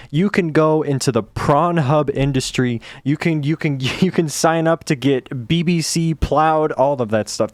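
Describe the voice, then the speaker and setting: A man's voice: medium pitch, darkish tone, dry recording. Dry-voiced ranting male commentator. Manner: ranting, sarcastic, mild swears. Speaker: commentary YouTuber. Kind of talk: reaction commentary.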